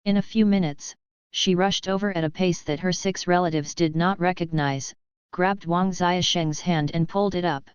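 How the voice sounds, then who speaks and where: A woman narrating an audiobook in an even, steady reading. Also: on the low side, normal speed, clear, resonant tone, dry recording. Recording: dull lo-fi dry audio.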